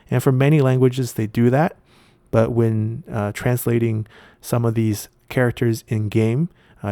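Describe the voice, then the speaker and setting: A man's voice: fairly low pitch, warm tone, dry recording, studio quality. A man hosting an explanatory video lesson, explaining patiently and step by step with frequent filler sounds. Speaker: video essay host.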